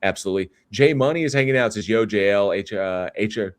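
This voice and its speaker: A man's voice: on the low side, fast, dry recording. A man hosting a livestream, chatting casually in a rambling way, reading viewer comments aloud and often restarting his sentences with fillers. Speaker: livestream host.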